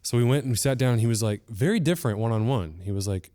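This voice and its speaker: A male podcast host tells stories casually and acts out the people he quotes. His voice sits at a medium pitch. The delivery is lively and conversational. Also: quick pace. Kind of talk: casual interview storytelling.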